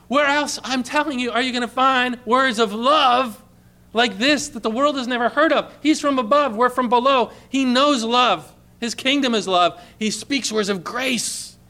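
A man preaching a sermon with passion, dropping to a hushed tone when quoting scripture. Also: extremely high pitch.

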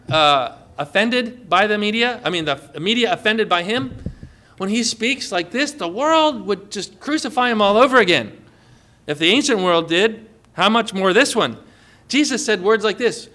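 A man's voice: sits high, sharp tone. A man preaching a sermon as pastor, emphatic and often putting questions to the congregation.

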